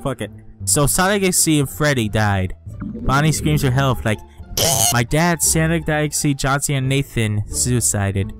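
Excitable young man reacting to a game. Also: mid-range voice, unhurried, soft background music. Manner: excitable, swearing, reading events aloud and reacting with shouts and laughs. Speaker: gaming channel host. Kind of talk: casual gameplay commentary.

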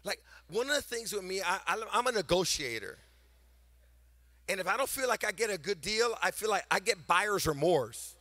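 An older man preaching a sermon to a congregation, animated and sing-song, swinging between loud emphasis and quiet storytelling. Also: high-pitched, normal speed, no echo. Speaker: pastor. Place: church sanctuary before a congregation.

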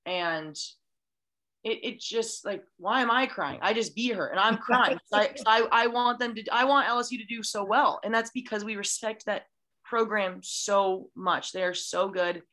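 A woman's voice: mid-range voice, moderate pace, pushed and bright. A young woman, a college beach volleyball player, chatting as a podcast guest in a gushing, enthusiastic way with many restarts. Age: young adult. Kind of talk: casual chat.

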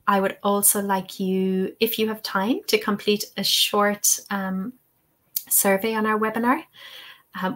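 A woman hosts a live online Q&A for English teachers. Her voice sits in a middle pitch. She sounds chatty and encouraging and keeps checking in with "okay". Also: fairly bright tone. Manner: chatty, encouraging, peppered with "okay" and "you know". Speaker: webinar host and English-teaching trainer. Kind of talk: live webinar Q&A.

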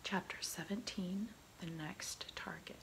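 A woman reading a children's novel aloud in a slow, soft whisper as a whispered role-play. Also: on the low side, low-quality recording. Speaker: ASMR reader.

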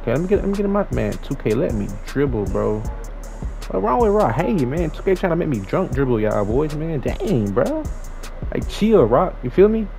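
Young man, slangy excitable gamer commentary, gravelly voice, faint background music. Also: fairly high pitch, a little fast, poor audio. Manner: slangy, trash-talking, excitable. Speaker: gaming YouTuber. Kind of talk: live gameplay commentary.

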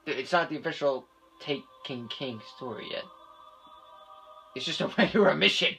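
A young adult gamer giving let's play commentary, excitable, with loud outbursts and heavy swearing. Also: medium pitch, normal speed, creaky, faint music behind. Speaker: gamer playing through a shooter.

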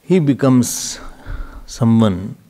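A man's voice: mid-range voice, expressive, very slow, warm tone. A man giving a spiritual discourse, asking rhetorical questions and chuckling often. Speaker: spiritual teacher.

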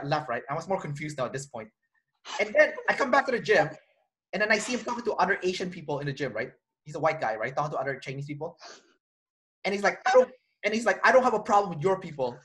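Fast-talking man telling a story. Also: on the high side. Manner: animated, acts out quoted dialogue, frequent restarts. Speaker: interview guest. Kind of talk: casual conversational storytelling.

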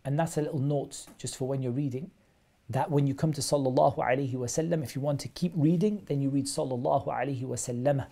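A man's voice: medium pitch, steady tone, fast, gravelly, warm tone. A man teaching a live online religious lesson, explaining texts step by step and repeating phrases for emphasis. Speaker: Islamic studies teacher.

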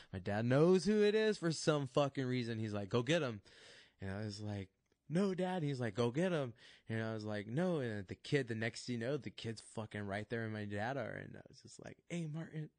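A man's voice: medium pitch, no echo, studio quality. A man, a fight coach and podcast guest, telling stories in a laid-back, casual way, swearing a lot and laughing often. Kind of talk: casual storytelling.

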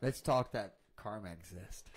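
A man's voice: on the low side, measured pace, breathy edge. A man hosting a podcast in casual chat, blunt and profane but sympathetic.

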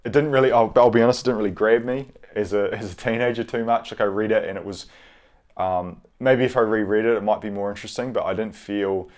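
A young man giving a casual, rambling review, hesitant and low-key, with frequent pauses and restarts. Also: fairly even intonation, a little mellow. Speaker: video reviewer.

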